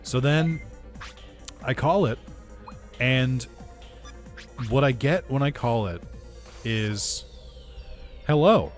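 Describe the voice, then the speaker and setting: A man's voice: mid-range voice, slow pace, long pauses. Rambling, swearing man over game music. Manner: rambling, sarcastic, swears a lot, laughs mid-story. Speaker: gaming YouTuber. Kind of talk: casual storytelling while playing a game.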